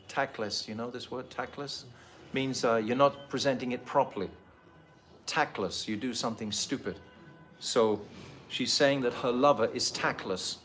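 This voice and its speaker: A man's voice: medium pitch, a bit bright, slight background noise. A man giving a devotional scripture class to a live group, explaining terms with frequent fillers and asking his listeners questions. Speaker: spiritual teacher. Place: holy site, live talk to a group.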